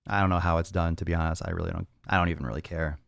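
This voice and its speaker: Hosting a casual fitness podcast as a livestream Q&A, a man answers viewer questions bluntly, swearing and rambling with lots of repeated phrases. His low voice is level and rapid-fire with vocal fry, captured in a dry, studio-quality recording.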